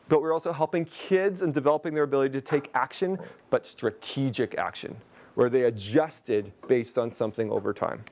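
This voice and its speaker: A man's voice: medium pitch, a little mellow. A man from Canada leading a teacher webinar on a video call, chatty, with jokey asides to his audience. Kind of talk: webinar presentation.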